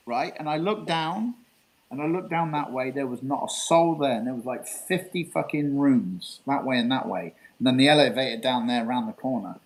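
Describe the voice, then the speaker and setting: This English guest's voice sits on the high side, and the audio quality is poor. Over a relaxed storytelling interview, he spins out a long, meandering tale full of repetition and cursing.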